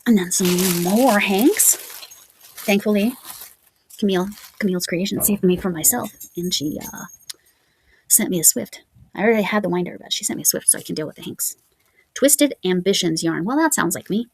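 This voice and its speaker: Gravelly-voiced woman chatting about yarn. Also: medium pitch, moderate pace. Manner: chatty, musing aloud while reading yarn labels. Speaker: crochet vlogger. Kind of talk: casual show-and-tell chat.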